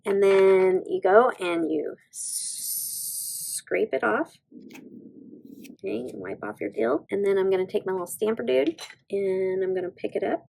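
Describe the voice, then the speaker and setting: Bubbly woman with a gravelly edge. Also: mid-range voice, moderate pace, a little mellow, poor audio. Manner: bubbly, gushing, talks to viewers as "you guys". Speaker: beauty vlogger. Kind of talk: casual nail stamping tutorial.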